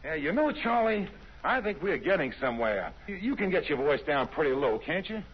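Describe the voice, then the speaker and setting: A man's voice: fairly high pitch, very animated, a little fast, husky. An actor playing an eager young man of a singing team, talking in a 1950s radio drama style with hesitant starts. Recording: dull old radio broadcast.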